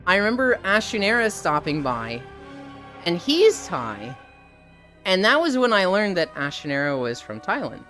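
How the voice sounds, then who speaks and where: A livestreamer chatting casually with viewers, with a very lively pitch that swings up and down. They act out stories, voice the quoted friends and drop in playful curses and laughs. Faint music plays underneath. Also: moderate pace. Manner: animated storytelling, acting out quoted friends, laughs often; casual, swears, quips. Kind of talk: casual chat with stream viewers.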